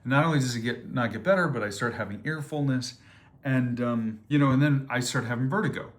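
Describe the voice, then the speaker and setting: A man's voice: mid-range voice, a little fast. Rambling young man telling a story. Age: 20s. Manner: rambling, repeats words, many fillers. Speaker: vlogger. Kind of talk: casual personal story to camera. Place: on a surf trip. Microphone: phone or camera, quickly made video.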